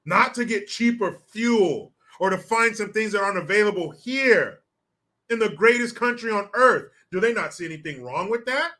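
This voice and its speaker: A man's voice: high-pitched, animated, moderate pace, bright, forceful tone. A man from the United States hosting a ranting political commentary show, combative and sarcastic, with frequent profanity, reading viewer comments aloud.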